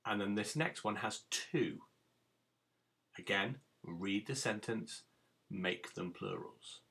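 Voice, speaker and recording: A male primary teacher talks young pupils through a phonics lesson. His voice is bright and forward, a little low. He moves at an unhurried, patient pace, spelling things out step by step. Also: creaky. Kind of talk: recorded phonics lesson for children.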